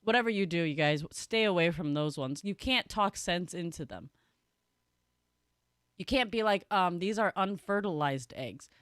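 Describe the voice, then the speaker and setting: A woman's voice: fairly low pitch, lively intonation, moderate pace, no echo, clean studio sound. A young woman in casual chat, telling a story in a chatty way with many fillers and frequent laughter.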